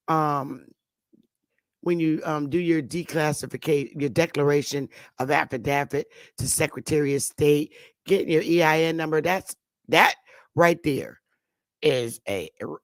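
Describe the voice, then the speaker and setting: Lady host chatting real slow, swears a lot, dry close sound. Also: low voice, no room sound. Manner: rambling, profane and blunt. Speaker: talk show host. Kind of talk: casual morning chat.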